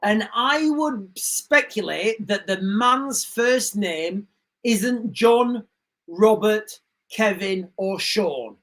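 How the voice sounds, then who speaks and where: A woman with a medium-pitched, animated voice draws out her words while hosting a livestream. Her casual commentary is indignant and rambling, with frequent repetition, and the recording is rough.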